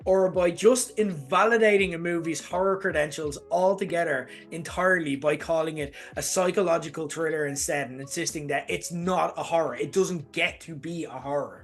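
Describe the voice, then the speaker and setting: A male host delivering an emphatic, exasperated opinion rant, swearing for emphasis. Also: a little high. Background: faint lo-fi background music.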